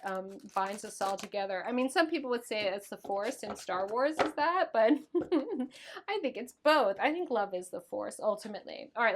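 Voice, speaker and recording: A woman's voice: mid-range voice, a little hiss or hum. A woman in her thirties giving a casual tarot reading to camera, talking in an affectionate, gushing way. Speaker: tarot reader.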